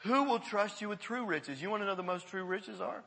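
A man preaching a sermon to his congregation, animated, repeating words and calling on the listeners to answer. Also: high-pitched, a little fast, vocal fry, long reverb tail. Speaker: pastor. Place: church.

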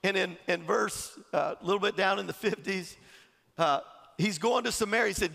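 A man preaching a sermon, telling stories in an animated way and often chuckling as he talks. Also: sits high, moderate pace, gravelly, in a large hall. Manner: animated storytelling, chuckling, acting out quotes. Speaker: pastor.

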